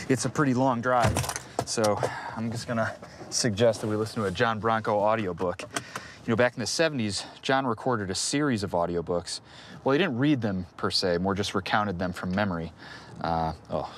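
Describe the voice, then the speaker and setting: An actor playing an earnest, eager company archivist. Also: male voice, lowish voice, moderate pace, noisy background, close to an everyday voice. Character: earnest, eager corporate archivist, adult man. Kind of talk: comedic ad acting.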